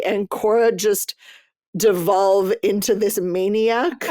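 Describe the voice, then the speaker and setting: Woman, podcast host, casual book chat, mid-pitched, lively, swears freely, dry close sound. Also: slow, dry recording.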